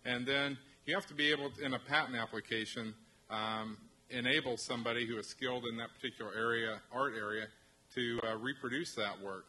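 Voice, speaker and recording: A man from a university technology transfer office presenting to faculty, halting, with many restarts and fillers. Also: medium pitch, fairly even intonation, bright, forceful tone, a little hiss or hum, rough recording.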